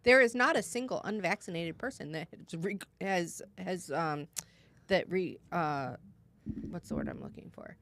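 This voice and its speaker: A woman's voice: fairly low pitch, normal speed, fairly bright tone. A woman co-hosting a casual talk show, speaking hesitantly as she searches for words. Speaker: podcast co-host. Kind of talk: casual chat.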